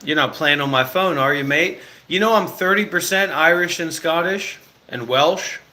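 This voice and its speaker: Blunt, teasing man with a bright voice. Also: fairly high pitch, normal speed. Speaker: livestream host. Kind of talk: casual livestream chat.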